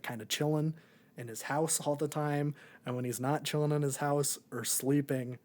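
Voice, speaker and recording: A man's voice: mid-range voice, darkish tone. A young man co-hosting a podcast, chatting casually about a movie in a rambling, laid-back way with lots of filler. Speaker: podcast co-host. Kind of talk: casual movie review chat.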